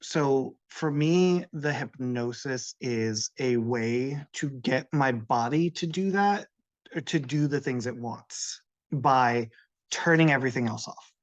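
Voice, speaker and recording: A man who is a guest on a podcast, explaining things in a slow, measured, casual way. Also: medium pitch, dull audio.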